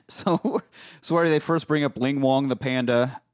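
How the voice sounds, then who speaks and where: A man's voice: mid-range voice, normal speed, no echo, clean studio sound. A man hosting a casual podcast, recapping a film and acting out its lines in put-on voices with frequent laughter. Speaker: podcast host.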